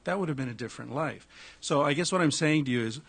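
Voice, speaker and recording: A man telling a personal travel story in casual conversation, animated, with frequent restarts and swearing. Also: on the high side, quick pace, slightly rough.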